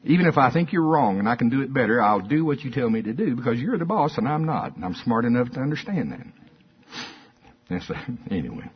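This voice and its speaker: A man's voice: medium pitch, big pitch swings, brisk, breathy edge. An older man preaching a sermon in a folksy, conversational way. He repeats his points and draws call-and-response from the congregation. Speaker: pastor. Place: church. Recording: dull lo-fi sermon recording.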